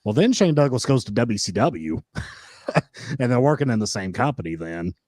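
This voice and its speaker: A man's voice: mid-range voice, normal speed, dry recording. A man co-hosting a casual wrestling review podcast, laughing often and telling stories with energy. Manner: laughs often, animated storytelling. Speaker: podcast co-host.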